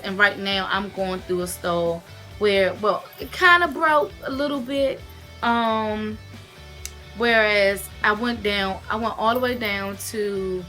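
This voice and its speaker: Woman vlogging about her life, bright clear voice, earnest and expressive, bit of music under it. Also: mid-range voice. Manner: earnest and expressive, retells events with emotion and direct advice. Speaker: vlogger sharing her weight-loss surgery experience. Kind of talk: casual to-camera storytelling and advice.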